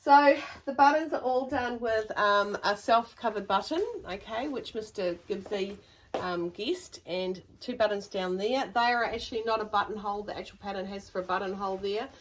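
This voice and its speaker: A woman's voice: medium pitch, normal speed, a little hiss or hum, rough recording. A middle-aged woman, chatting in a rambling, self-deprecating way as she shows off her sewing. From New Zealand. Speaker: sewing vlogger. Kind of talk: casual chat showing handmade items.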